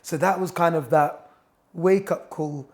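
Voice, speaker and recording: A man's voice: a little high, fairly even intonation, a little slow. A man in his thirties, a boxing coach and author, telling stories as a chatty, enthusiastic guest in a gym. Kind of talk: casual interview chat.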